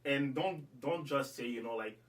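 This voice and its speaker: A man hosting a casual chat, relaxed and joking, often stalling with fillers and repeated words. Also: medium pitch, normal speed, recorded from a distance. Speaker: host.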